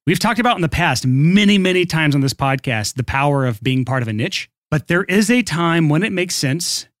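A man's voice: lively intonation, fairly quick, a bit bright, dry recording. Upbeat man on a dry studio mic. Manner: upbeat, pitching and joking. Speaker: podcast co-host. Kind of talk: casual podcast chat and read ad.

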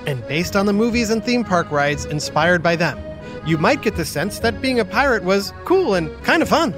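A man's voice: sits high, very animated, normal speed, over music. A man hosting an educational podcast for children, playful and explanatory. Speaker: host. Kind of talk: educational kids podcast narration.

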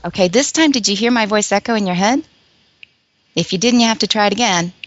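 A woman's voice: medium pitch, brisk, dry recording, lo-fi sound. A woman, an English professor, explaining a language learning method as an interview guest, patient and demonstrative, repeating short phrases for the listener.

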